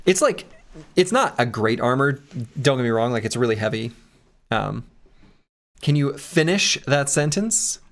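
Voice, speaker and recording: A man's voice: medium pitch, very animated, a little slow, long pauses, a bit bright. Joking male game streamer. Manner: joking, rambling, self-mocking. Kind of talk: casual gameplay commentary and chat.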